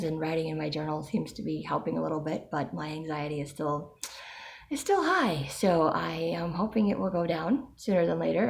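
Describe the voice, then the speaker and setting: A woman with a low, gravelly voice works through her anxiety in a personal video diary. She's chatty and anxious, repeatedly reassuring herself as she vlogs.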